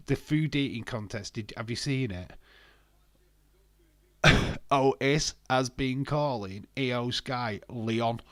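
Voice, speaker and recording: Excitable man on a live stream. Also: mid-range voice, dry recording. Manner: excitable, laughing, swearing, chatty. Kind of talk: casual live stream chat reading viewer comments.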